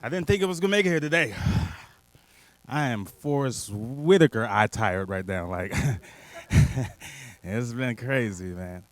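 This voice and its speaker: A man doing a stand-up comedy set, animated and full of voices, on a handheld stage mic. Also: medium pitch, unhurried, long pauses, no room sound. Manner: animated, lots of character voices.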